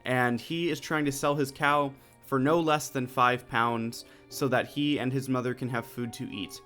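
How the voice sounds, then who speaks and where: A man chats through a plot recap in an offhand, joking manner, tossing off quick paraphrased lines for the characters. His voice sits at an ordinary middle pitch. Soft music plays faintly underneath. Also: steady tone. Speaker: movie recap host. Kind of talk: casual spoken recap.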